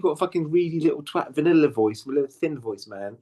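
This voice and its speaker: A man's voice: on the high side, expressive, fast, dark tone. A man co-hosting a podcast, ranting and swearing in casual chat, often stumbling and repeating words. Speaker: podcast co-host.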